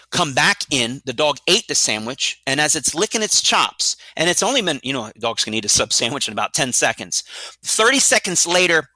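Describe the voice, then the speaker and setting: A middle-aged man, a dog trainer and guest, explaining training in an energetic, blunt way with rhetorical questions. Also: mid-range voice, no room sound. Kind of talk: explanatory interview talk.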